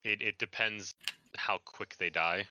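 A man's voice: on the low side, fairly even intonation, unhurried, sharp tone, dull audio, slight background noise. A man playing a tabletop game, teasing the others in a playful, casual way. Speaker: player.

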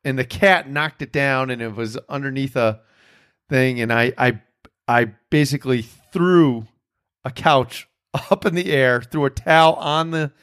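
A man's voice: medium pitch, measured pace, fairly bright tone, clean tone. A man hosting a podcast in casual chat, telling a rambling, profane story with self-mocking laughs. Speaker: podcast host.

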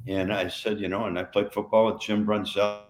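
A man's voice: lowish voice, flat delivery, a little fast, reverberant. An older man and retired wrestler, co-hosting a podcast and telling rambling anecdotes in a casual chat. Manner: rambling anecdotes, lots of restarts and laughs.

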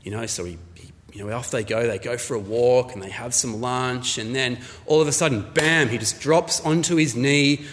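A man's voice: medium pitch, fairly bright tone, big-room sound. A man preaching a sermon in a conversational, storytelling way, acting out little scenes to make his point. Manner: conversational, storytelling, acts out voices in anecdotes. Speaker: pastor.

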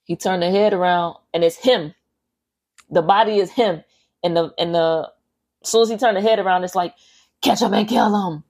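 A woman podcast host casually recapping a horror movie scene by scene, animated and full of profane slang. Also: lowish voice, moderate pace.

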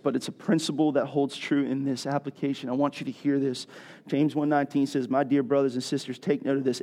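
Speaking at a medium pitch, a middle-aged man delivers a sermon as pastor, growing animated and working toward loud rhetorical questions.

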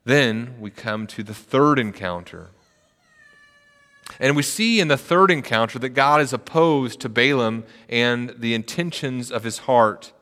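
A male pastor delivers a sermon in a bright, forceful voice, retelling an old story and putting on the speakers' lines as he goes. His voice rings with a long reverb from a large hall. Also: medium pitch, a little slow. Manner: retells the story with acted quotes.

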